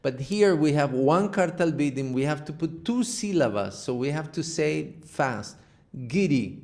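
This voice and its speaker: A man teaching an online class, slowly explaining how to chant and singing short demonstration phrases. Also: fairly high pitch, animated, darkish tone. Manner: patient, slow instruction with sung demonstrations of a chant. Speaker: music teacher.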